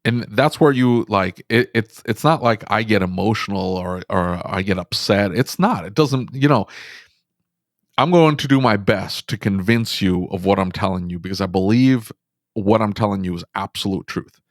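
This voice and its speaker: Emphatic man, low register, dry close mic, quick bursts, shop-owner guest. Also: dry recording. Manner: animated, emphatic, talks fast in bursts. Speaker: auto repair shop owner, podcast guest. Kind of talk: casual storytelling conversation.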